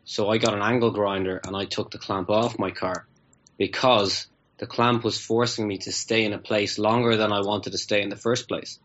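A man's voice: fairly low pitch, fairly even intonation, normal speed, fairly bright tone, dull audio. A man, a guest in an interview, telling a long story in a rambling way and often repeating his words. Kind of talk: casual anecdotal storytelling.

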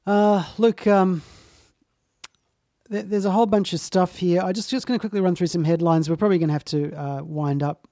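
A man's voice: sits high, fairly even intonation, a little fast, mellow, no echo, clean studio sound. A man hosting a casual commentary chat, speaking earnestly and with emphasis, lingering on his phrases. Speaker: talk show host.

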